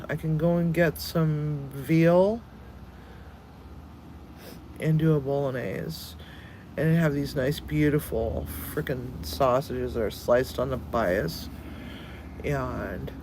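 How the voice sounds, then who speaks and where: Slight background noise sits under this man's medium-pitched, somewhat mellow voice. Hosting a cooking channel, he chats in a relaxed, weary way, laughing a lot and cursing occasionally.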